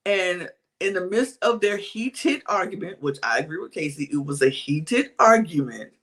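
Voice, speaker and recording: Animated podcast co-host, lively pitch. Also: moderate pace. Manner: animated storytelling with acted-out quotes. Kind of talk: casual chat recapping reality TV.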